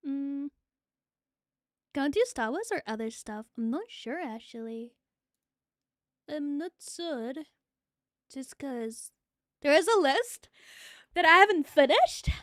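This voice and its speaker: High-voiced young woman streamer. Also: expressive, measured pace, pauses often, no room sound, studio quality. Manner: casual, swears freely, laughs often. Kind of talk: casual gaming stream chat.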